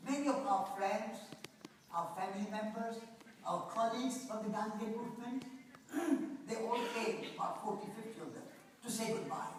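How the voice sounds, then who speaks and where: A man, telling stories in a lively way at a conference talk. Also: high voice, a little hiss or hum. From India. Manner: animated storyteller, often laughing. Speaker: speaker at a conference. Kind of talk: storytelling talk. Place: lecture hall. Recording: echoey hall, voice from far off.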